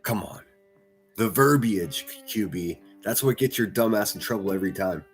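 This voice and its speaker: A man's voice: on the low side, expressive, normal speed, faint music behind. A man hosting a livestream, reacting to clips with mocking, profane, sarcastic commentary.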